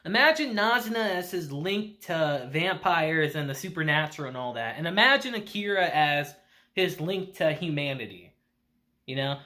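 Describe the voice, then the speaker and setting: A man's voice: on the high side, big pitch swings, normal speed, sharp tone. A man reviewing an anime episode in a casual chat, retelling scenes with quoted lines, laughing often and swearing now and then.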